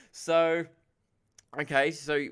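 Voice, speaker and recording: A young Australian man hosts a casual comedy podcast and rambles through listener questions. He mocks himself and throws in quick asides. His voice sounds smooth and clear. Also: a little high, animated, fairly bright tone. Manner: rambling, self-mocking, quick asides and laughs.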